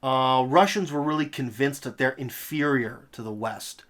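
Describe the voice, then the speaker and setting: A man's voice: medium pitch, normal speed, a bit bright. A man hosting a political commentary monologue, talking in an emphatic, rhetorical way with sarcastic asides. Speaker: host.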